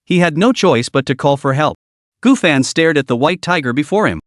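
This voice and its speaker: Give me a man narrating a dramatic comic recap, animated, with a dry close sound. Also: on the high side, fairly quick, dry recording. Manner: steady dramatic storytelling.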